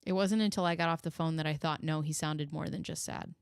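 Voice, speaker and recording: A woman's voice: low voice, fairly even intonation, a little fast, clear, resonant tone, dry recording, studio quality. A woman hosting a commentary show, reading deposition questions and answers aloud and adding sarcastic, mocking asides.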